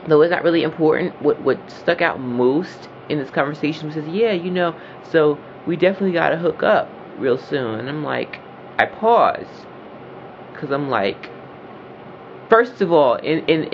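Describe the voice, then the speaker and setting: A man rants into a home vlog, his voice swinging widely up and down as he gets heated and swears freely. His pitch sits mid-range. The sound is dull and lo-fi, with a faint hiss behind him. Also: vocal fry. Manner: animated, profane, gets loud and heated. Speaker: video blogger. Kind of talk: casual vlog rant.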